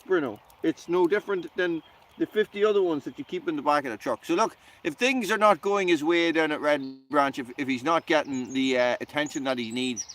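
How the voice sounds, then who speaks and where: A man hosting a casual live stream outdoors by a campfire, rambling to viewers and talking to his dog. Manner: rambling, talks to his dog in a high excited voice. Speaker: channel host.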